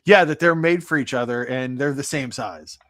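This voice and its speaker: A man's voice: mid-range voice, moderate pace, fairly bright tone, no room sound. Rambling sarcastic man reviewing films. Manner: rambling, sarcastic, acts out quotes. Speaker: podcast co-host. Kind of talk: casual movie review chat.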